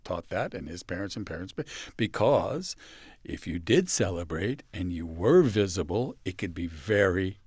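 Low-voiced guy from san francisco on an interview, stops and restarts a lot, goes hushed when quoting people, dry close sound. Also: lively intonation, slightly rough, no room sound. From San Francisco, USA. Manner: halting with restarts, soft dramatic dips when quoting others. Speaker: interview guest, actor. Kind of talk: reflective personal storytelling.

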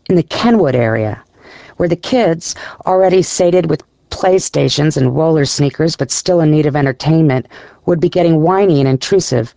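A man narrating an audiobook story in a measured, descriptive storytelling manner. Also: fairly high pitch, creaky, a little mellow, no echo. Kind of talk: scripted narration.

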